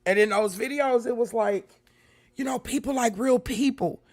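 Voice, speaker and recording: A woman hosting a casual livestream, greeting viewers by name and shifting between loud exclamations and quiet, emotional talk. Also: fairly high pitch, moderate pace. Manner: emotional, swings from loud exclamations to soft near-whispers; talks straight to chat, greeting viewers by name. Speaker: YouTube livestream host.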